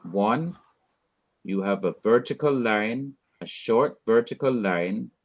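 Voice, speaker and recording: A man teaching a Hebrew class, explaining slowly and repeating key points for his students. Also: on the low side, lo-fi sound. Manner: slow, repetitive, deliberate explaining. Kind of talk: classroom lecture.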